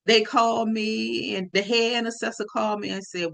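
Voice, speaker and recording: A woman telling a personal story on her podcast, lively and speaking straight to her listeners. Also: a little high, normal speed, creaky. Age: adult.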